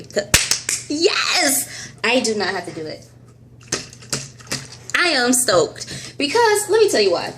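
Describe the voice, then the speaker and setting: A woman's voice: fairly high pitch, fairly bright tone, a little hiss or hum. A woman vlogging a casual update into a phone held close, telling a story animatedly, acting out dialogue and laughing often. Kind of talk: casual health update vlog. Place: at home.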